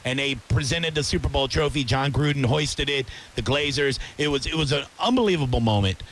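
A man's voice: mid-range voice, a little fast, fairly bright tone, a little hiss or hum. A man hosting a sports talk show, ranting heatedly about rival fans. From Tampa area. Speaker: radio show host.

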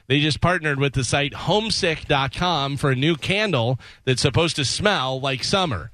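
A man's voice: fairly high pitch, normal speed, pushed and bright, no echo. A man hosting a news segment on a morning radio show, casual and wry, mixing stories with jokes.

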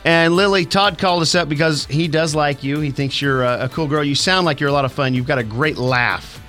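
A man's voice: fairly high pitch, a little fast, fairly bright tone, faint music behind. A man hosting a morning radio phone segment, easygoing and joking in banter with his co-host and a caller.

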